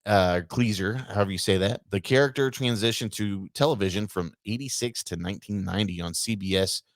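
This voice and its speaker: A man's voice: fairly low pitch, fairly quick, no echo, studio quality. A man co-hosting a casual podcast, reading a news article aloud and stumbling over words with offhand asides. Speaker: podcast co-host.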